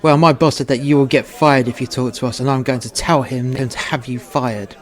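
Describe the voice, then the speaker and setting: A man's voice: medium pitch, steady tone, fairly quick, natural voice. A man voicing a drunk, rude female shop worker who snaps accusations in a story reading. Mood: snappish. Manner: snappy, accusing.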